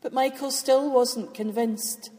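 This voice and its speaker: Female storyteller, unhurried reading, echoey hall sound. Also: a little high. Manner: expressive, voices characters lightly. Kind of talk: storybook read-aloud narration. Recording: long hall reverb.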